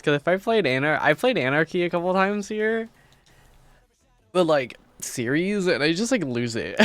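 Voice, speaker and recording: A man's voice: fairly high pitch, fairly bright tone, no room sound. A man streaming casually, tired, rambling and swearing while he talks about games and his code. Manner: rambling, swears, laughs a lot.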